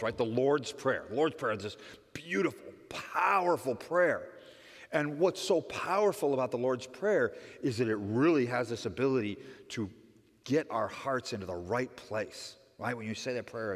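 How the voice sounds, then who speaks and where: Middle-aged male pastor, mid-pitched voice, chatty sermon, long echo of a church sanctuary. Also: breathy edge. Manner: conversational preaching with frequent "right?" asides; dynamic, swings between loud emphatic and soft quiet lines.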